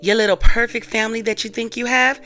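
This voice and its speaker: A woman's voice: on the high side, fairly even intonation, fast, sharp tone, soft background music, voice pushed up. A woman recounting a pushy young man. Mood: insistent. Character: young man confronting his ex, insistent.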